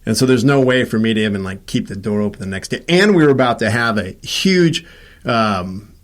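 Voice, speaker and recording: His voice is lowish, expressive, and brisk as he tells a story from his own life. The host keeps it casual, playing out the characters' lines and restarting many times.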